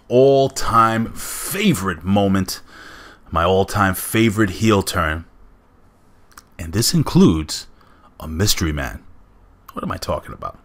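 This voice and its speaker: Hosting a laid-back countdown show, a man speaks in a low voice with a fairly bright tone. He addresses his viewers head-on, full of enthusiasm.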